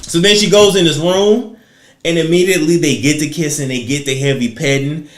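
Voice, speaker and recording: A man with a fairly high, steady voice talks briskly in a reverberant space while hosting a casual celebrity gossip livestream. He speaks directly to his viewers in a conversational way, freely sharing his opinions.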